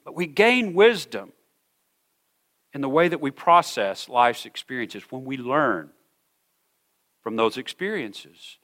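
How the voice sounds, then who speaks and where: A man's voice: medium pitch, big pitch swings, fairly bright tone. Earnest middle-aged male pastor preaching. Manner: earnest, repeats words, slows down for emphasis. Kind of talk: sermon. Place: church hall with a congregation.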